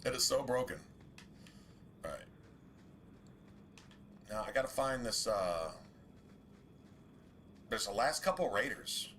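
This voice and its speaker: A man streaming a game and talking over it in a loose, profane, grumbling way, often breaking into laughter. His voice is bright and forward, with a faint hiss of noise underneath. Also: mid-range voice, lively intonation, slow, long pauses. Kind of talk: casual gameplay commentary.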